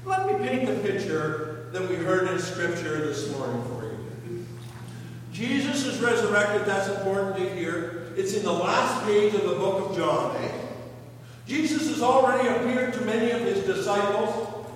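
A male pastor delivers a sermon in a large church, his voice ringing through a long reverb from a distant microphone. He speaks high and slow, asking the congregation questions and acting out the scripture scene by scene. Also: animated. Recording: echoey hall from far off, faint hum.

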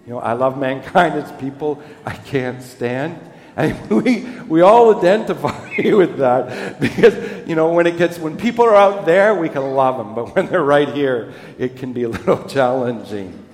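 A man's voice: a little high, lively intonation, normal speed, few pauses, a little mellow, roomy sound, in a large hall. A man giving a sermon as a pastor, telling stories in a conversational, self-deprecating way.

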